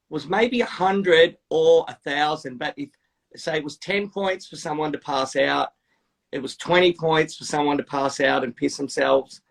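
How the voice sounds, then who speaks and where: A man, a podcast host telling tattoo-shop anecdotes in a chatty, animated way. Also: on the high side, vocal fry. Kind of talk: casual storytelling.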